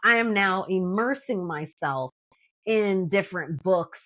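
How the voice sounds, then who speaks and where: A woman sharing her personal faith testimony in a casual, animated way, acting out what people said with lots of "like" and fillers. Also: mid-range voice, measured pace, highs cut off. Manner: animated, acts out quotes, frequent "like". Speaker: testimony guest.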